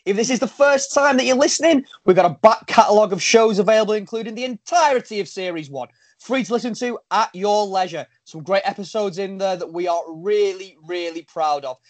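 A man's voice: high-pitched, brisk. A man with a Liverpool accent co-hosting a podcast, upbeat and chatty, often restarting his words. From Liverpool, England. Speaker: podcast co-host. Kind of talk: casual podcast chat.

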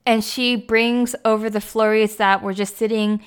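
A woman with a smooth, clear voice talks through a recap in an easygoing, chatty way. She leans on "like" and "you know" throughout. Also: mid-range voice, steady tone, moderate pace. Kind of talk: casual plot recap.

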